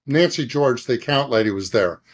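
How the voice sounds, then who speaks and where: A man's voice: medium pitch, a little fast, husky. A middle-aged man, a guest in a conversation, telling an anecdote animatedly and slipping into other people's voices as he goes. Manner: animated, acts out others' voices and sound effects. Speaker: guest, advertising creative director.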